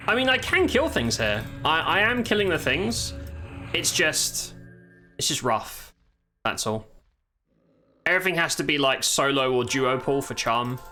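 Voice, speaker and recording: A game streamer talks to his viewers over faint game music, swearing and exclaiming as he plays live. His voice sits on the high side and is very animated and sharp, though he keeps a measured pace and leaves long pauses.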